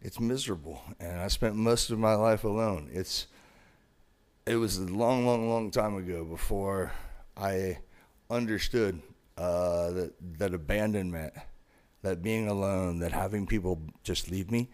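A man's voice: sits low, unhurried, darkish tone. A man in his forties hosting a podcast, giving an emotional, confessional monologue about his past that builds to intense emphasis. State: emotional, broken up. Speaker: podcast host.

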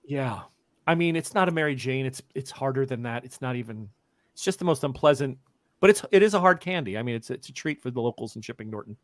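A man's voice: medium pitch, lively intonation, fast, no echo, studio quality. A man narrating as game master, playful and rambling, often laughing.

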